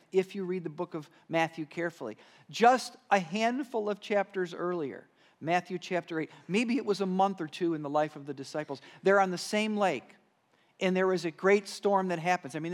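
A male pastor preaching a sermon in a conversational way, often asking "right?" and dropping to a hushed voice to stress key points. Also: a little high. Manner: conversational, frequent "right?" tag questions, drops to hushed tones for emphasis.

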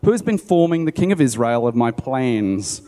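A man's voice: medium pitch, big pitch swings, normal speed, dark tone, natural voice. A man reading the lines of an angry ancient king in a demanding, accusing way, with long hall reverb.

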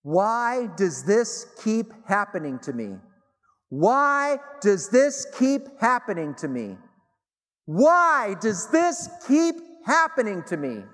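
A man's voice: on the high side, measured pace, long reverb tail. A man voicing a sobbing young woman, pleading. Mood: tearful pleading. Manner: pleading, repeating herself. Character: distraught young woman crying over failed romance.

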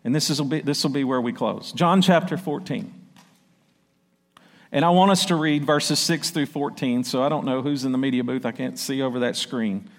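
Pastor preaching in a reverberant church. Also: male voice, medium pitch, normal speed. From South Arkansas. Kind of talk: sermon. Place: church sanctuary. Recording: long church-hall reverb.

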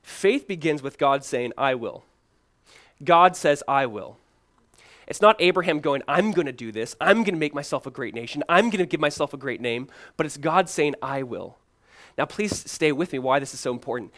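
A male pastor preaching a sermon, swinging from loud emphatic lines to hushed, pleading ones and repeating key phrases. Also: on the high side, animated, moderate pace.

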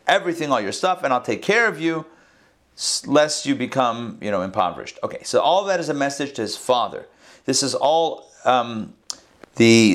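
A man's voice: medium pitch, a bit bright. Man casually teaching a scripture lesson. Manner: conversational, explains with asides and restarts. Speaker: Torah teacher. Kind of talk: casual verse-by-verse Bible lesson.

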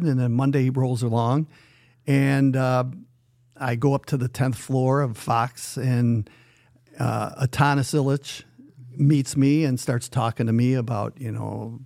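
A man who works as a hockey radio announcer tells a story as a podcast guest. He is an animated storyteller who acts out the dialogue he quotes. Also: mid-range voice, measured pace, gravelly.

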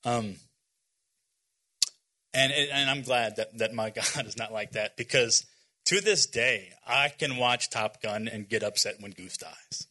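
Guy in his 40s doing a casual youth sermon, um-ing and restarting a lot, really bright ringing voice. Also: lowish voice, measured pace. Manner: conversational, earnest, many fillers and restarts; self-deprecating humor. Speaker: youth speaker. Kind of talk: informal sermon to young people.

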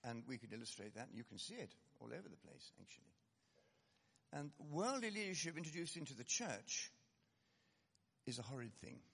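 A man preaching a sermon in an animated, conversational way, with self-deprecating asides. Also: medium pitch, a little fast, creaky, long pauses, breathy edge, long reverb tail.

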